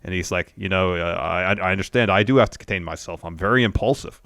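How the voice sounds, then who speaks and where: A man co-hosting a wrestling podcast, casually recapping a show and acting out the wrestlers' promos with animated delivery. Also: sits low, quick pace, vocal fry, dry recording, clean studio sound.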